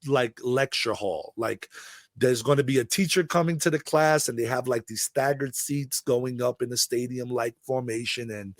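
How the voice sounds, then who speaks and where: A middle-aged man from the Bronx, recounting a long personal story as an interview guest, rambling and halting with many fillers. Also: medium pitch, no echo, clean studio sound. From the Bronx, New York.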